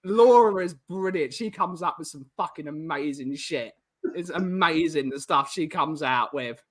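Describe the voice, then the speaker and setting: A man hosting a casual chat, telling jokey stories and reading out comments with quick restarts. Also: a little high. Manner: fast, joking storyteller with restarts. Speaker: podcast host.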